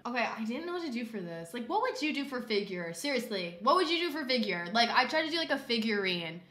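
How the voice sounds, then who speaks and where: A woman streaming a drawing game, talking casually and rambling with plenty of "like"s and sudden excited outbursts. Her voice is bright and a little high, and it sits in a noticeably echoey room. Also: fast talker. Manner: excitable, exclamatory, rambling with many "like"s. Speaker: livestreamer. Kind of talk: casual livestream chat while drawing. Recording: roomy echo.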